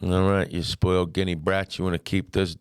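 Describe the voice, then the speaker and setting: A man hosting a comedy podcast, gruffly teasing his co-hosts in a deadpan way. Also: low-pitched, fairly quick, no room sound, clean studio sound. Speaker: podcast host. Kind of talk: casual comedy podcast banter.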